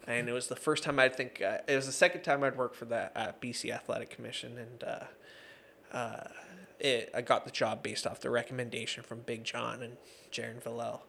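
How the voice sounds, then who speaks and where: A man in his thirties, an MMA referee and judge, guests on an interview show, telling stories chattily with laughter and plenty of fillers. His mid-range voice is flat, fairly quick, creaky, bright and forceful, with slight background noise.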